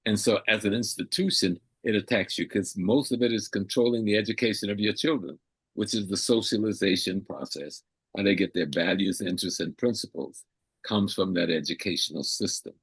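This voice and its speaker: A man's voice: on the low side, fairly quick, fairly bright tone, breathy edge, dry recording. An older man from South Carolina, an elder guest answering at length in an interview, emphatic and repeating phrases for weight. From South Carolina, USA.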